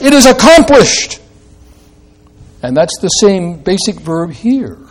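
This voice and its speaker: A male pastor preaching a sermon, teaching through rhetorical questions and wry asides, swinging between loud emphasis and quiet low drops.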